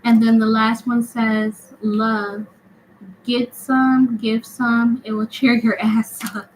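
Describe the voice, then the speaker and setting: A woman's voice: fairly high pitch, little pitch movement, takes it slowly, a little hiss or hum, low-quality recording. A young woman hosting a live tarot stream, chatty and laughing often as she answers viewers. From United States. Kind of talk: casual live-stream chat.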